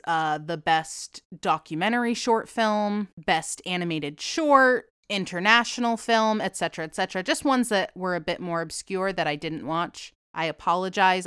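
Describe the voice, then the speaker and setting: Fast-rambling woman with a Boston accent. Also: mid-range voice, a bit bright, smooth, no echo, clean studio sound. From New England. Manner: rambling, fast-talking, profane and self-deprecating. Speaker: podcast host. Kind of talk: casual solo podcast chat.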